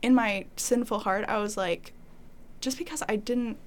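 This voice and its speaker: A woman's voice: medium pitch, normal speed. A young woman telling her faith story in a casual, rambling way, full of "like" fillers, often acting out her past thoughts. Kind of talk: casual testimony conversation.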